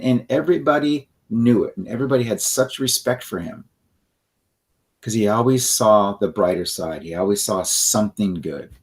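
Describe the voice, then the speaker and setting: A man's voice: medium pitch, a little mellow. A man co-hosting a self-help podcast, explaining ideas in a loose, rambling way and acting out example phrases. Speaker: podcast co-host. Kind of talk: conversational teaching.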